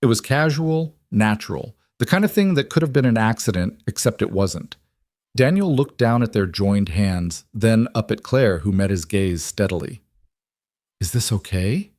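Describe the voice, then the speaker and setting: A man reading a scripted story as narrator, in an even, measured way. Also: fairly low pitch, dry recording, studio quality.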